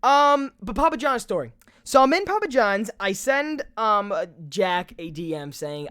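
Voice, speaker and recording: A young man with a New York accent hosting a casual podcast, talking in animated bursts with swearing and quick restarts. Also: sits high, smooth, no room sound, clean studio sound. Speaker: podcast host. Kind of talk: casual chat.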